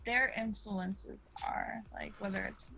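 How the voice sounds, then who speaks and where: A woman's voice: mid-range voice, fairly even intonation, takes it slowly, gravelly, sharp tone, a little hiss or hum, poor audio. A woman from the USA co-hosting a casual art livestream, talking in a friendly, chatty way. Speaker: co-host.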